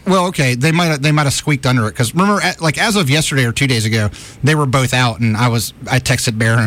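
A man's voice: medium pitch, fast, fairly bright tone. A man co-hosting a radio talk show, chatting loosely in a rambling, wry way with many restarts. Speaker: radio co-host. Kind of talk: casual radio banter.

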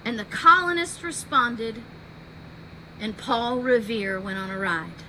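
A woman podcast host telling a history story in an animated way, acting out the quotes. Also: fairly high pitch, slow pace, slight background noise, low-quality recording.

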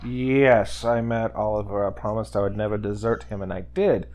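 A man's voice: fairly low pitch, steady tone, moderate pace, darkish tone. A man playing a tabletop game who plays his character in a goofy, melodramatic, joking way. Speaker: player.

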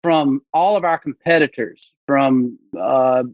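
Animated, storytelling man on a podcast. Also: medium pitch, slow pace, no echo, dull audio. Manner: animated storyteller who acts out quoted voices. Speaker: podcast guest, bowhunter. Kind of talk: casual podcast conversation.

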